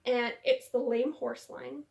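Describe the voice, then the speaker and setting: A woman's voice: high-pitched, fairly even intonation, slow pace, vocal fry, darkish tone, roomy sound, faint music behind. A young woman hosting a casual film discussion, gushing enthusiastically and acting out quotes. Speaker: film review host.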